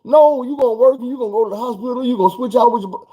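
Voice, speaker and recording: A man telling a story in a casual vlog, animated and profane. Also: extremely high pitch, rapid-fire.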